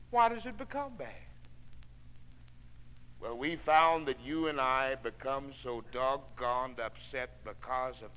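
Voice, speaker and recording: Bright folksy man speaking in a reverberant hall. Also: high voice, clear, resonant tone. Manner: down-home storyteller, swings from hushed to loud. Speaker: sales motivational speaker. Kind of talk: folksy motivational speech to salespeople. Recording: reverberant hall on a 1960s spoken-word record.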